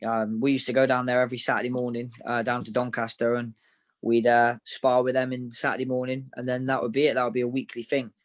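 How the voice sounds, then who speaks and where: A man recounts his fights in a relaxed, frank interview. His voice sits at an ordinary middle pitch. He talks matter-of-factly and in anecdotes. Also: quick pace. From Devon, England. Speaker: professional boxer, interview guest. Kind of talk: casual interview storytelling.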